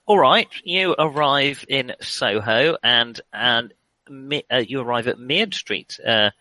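A man's voice: mid-range voice, slow, bright, forceful tone, dry recording, poor audio. A man running a tabletop role-playing game, narrating with many hesitant fillers. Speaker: game master.

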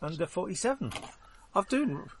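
A man's voice: sits high, big pitch swings, normal speed, a crowd in the background. A man chatting at a tabletop game, checking his dice. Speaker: player. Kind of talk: casual play banter.

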